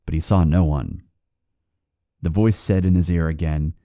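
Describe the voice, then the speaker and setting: A man hosting a podcast, reading a folk tale aloud with expressive storytelling. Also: low-pitched, normal speed, long pauses, no echo, studio quality.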